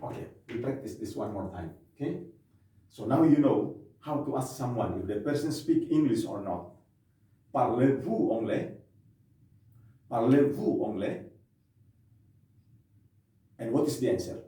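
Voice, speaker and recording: A man teaching a language lesson at a whiteboard in a classroom, drilling phrases slowly and often checking "okay?". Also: medium pitch, lively intonation, warm tone. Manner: slow, repetitive drilling with frequent "okay?" checks. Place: classroom with a board. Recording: echoey room, mic far off.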